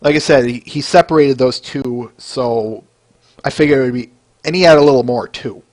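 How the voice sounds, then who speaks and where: In a casual podcast chat, a man enthuses about fan art, chatty and filled with laughs and fillers. He has a mid-range voice, a little mellow, and keeps a moderate pace.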